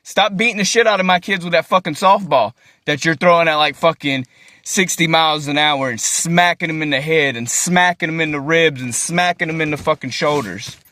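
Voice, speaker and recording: A man's voice: on the high side, normal speed, pushed and bright. A young man, ranting to his phone camera in an agitated, profane way and repeating himself. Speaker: vlogger. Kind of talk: emotional rant to camera.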